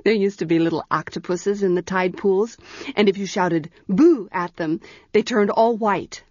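An eager, chatty young girl from a storybook, played by a woman reader. Her voice sits higher than the narration and sounds friendly and easygoing. The recording is muffled and dry. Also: steady tone, normal speed, darkish tone, no room sound, natural voice.

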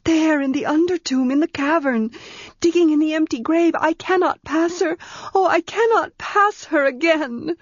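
A woman reading a story, voicing a frightened young woman lost in the dark, pleading and fearful. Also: high-pitched, fairly even intonation, measured pace, dry recording, highs cut off, voice pushed up. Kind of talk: audiobook character reading.

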